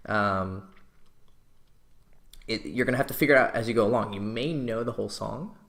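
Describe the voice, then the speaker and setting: Male dating coach, low gravelly voice, passionate, curses freely. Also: normal speed, fairly bright tone. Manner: passionate, swears casually, acts out sample pickup lines. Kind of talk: instructional talk to camera.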